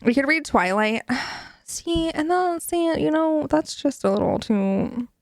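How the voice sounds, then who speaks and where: Giggly woman streamer, slightly high. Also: expressive, takes it slowly, gravelly, no room sound, studio quality. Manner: giggly, swears casually, chatty and playful. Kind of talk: casual chat with viewers.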